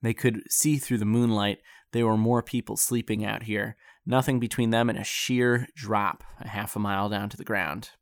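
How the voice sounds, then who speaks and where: A man narrating a fantasy story in a relaxed, conversational way. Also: lowish voice, moderate pace, few pauses, no room sound, studio quality. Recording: faint background music.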